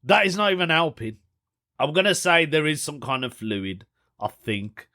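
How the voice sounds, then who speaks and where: A young man hosts a solo podcast in a loose, rambling way, his clear in the short tags he drops at the ends of lines. He keeps chatting and breaks into laughter at his own jokes. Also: a little high, very animated, normal speed, bright, forceful tone. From United Kingdom. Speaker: podcast host. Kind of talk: casual solo podcast chat.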